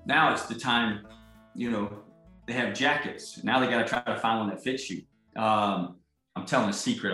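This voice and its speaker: A man's voice: on the low side, moderate pace, bright, forceful tone, roomy sound, faint music behind, poor audio. A man, a golf champion, telling a story casually with lots of fillers and restarts. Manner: rambling, full of fillers and restarts.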